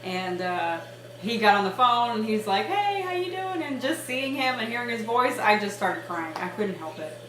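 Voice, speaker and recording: A woman's voice: medium pitch, fairly bright tone. A woman in her thirties chatting casually in a rambling home vlog, laughing often and using lots of fillers. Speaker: vlogger. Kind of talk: casual pregnancy update vlog. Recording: echoey room with faint ambient noise.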